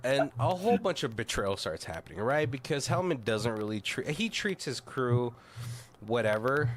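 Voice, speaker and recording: A man's voice: medium pitch, big pitch swings, moderate pace. A man casually retelling a film's plot on a podcast, loose and profane, heavy on "like" and "you know," acting out the characters' lines as he goes. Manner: loose, swearing, acts out quoted lines; many fillers like "like" and "you know". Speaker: podcast co-host. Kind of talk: casual movie recap chat.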